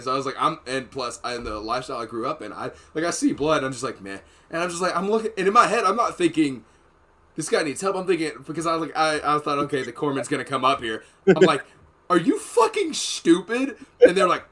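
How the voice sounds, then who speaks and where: A man and former Marine telling profane, rambling war stories in a casual podcast chat. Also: on the high side. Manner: profane, rambling, animated storytelling. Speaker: podcast host.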